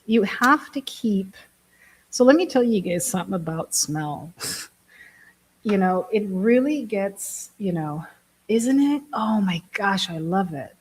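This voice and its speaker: Chatty, breathy woman from Germany. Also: mid-range voice, expressive, slow, poor audio. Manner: chatty, laughs often, self-mocking. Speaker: vlogger, app builder. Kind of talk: casual chat to camera.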